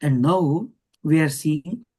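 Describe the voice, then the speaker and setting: A man's voice: fairly high pitch, slow, a little mellow, slightly rough. A man giving a devotional scripture lecture, repeating key lines and checking with his listeners. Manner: repeats key phrases, asks "yes or no?" to the audience. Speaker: scripture teacher.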